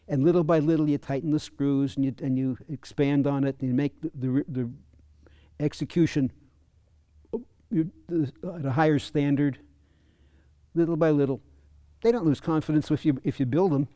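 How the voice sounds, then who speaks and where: Halting, mellow-voiced fencing coach, a man. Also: a little high, steady tone, no echo, studio quality. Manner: halting, repeats words, chuckles. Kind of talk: clinic talk to coaches. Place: fencing center.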